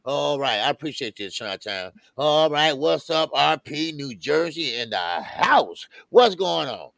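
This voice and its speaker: Man, gravelly voice, dry close sound, casual boxing stream co-host, calls out chat names. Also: a little high, no room sound. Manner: shouts out viewers with lively, drawn-out greetings.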